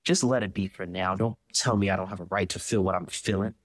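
A blunt, hurt woman spits out short, profane lines, as a male reader puts her on, her voice pitched a little lower than most. The sound is close and dry, with no room around it. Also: steady tone, fast, no echo. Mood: weary. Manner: curt, profane retorts.

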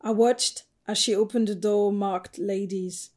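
A woman narrates a novel in the first person, keeping her reading even and understated. Her voice sits at a middle pitch. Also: a little slow. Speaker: audiobook narrator.

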